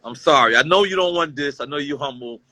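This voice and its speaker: Man, guest, casual heartfelt talk, emotional and repetitive, fairly high pitch, bright tone. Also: fast talker, dry recording, rough recording.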